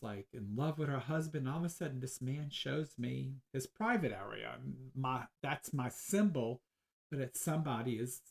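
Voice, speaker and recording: A man, hosting a podcast as a psychic medium, telling stories in a loose, animated way with frequent laughs and repeated words. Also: mid-range voice, gravelly. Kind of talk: casual storytelling chat.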